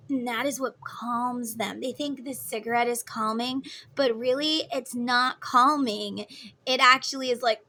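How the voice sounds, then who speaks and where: A woman in her thirties giving a casual tarot reading, chatty and motherly, guiding the listener through slow breathing. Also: high-pitched, sharp tone. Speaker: tarot reader.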